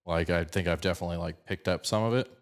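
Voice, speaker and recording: A man from Colorado with a slight picked-up Southern twang, hosting a podcast in fast, animated casual chat. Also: sits low. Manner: fast-talking, animated storyteller. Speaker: podcast host.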